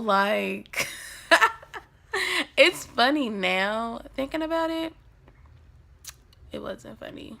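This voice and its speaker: Bright, gravelly young woman telling a story. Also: a little high, drawn-out words, long pauses. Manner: animated, dramatic storytelling. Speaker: vlogger. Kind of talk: storytime vlog.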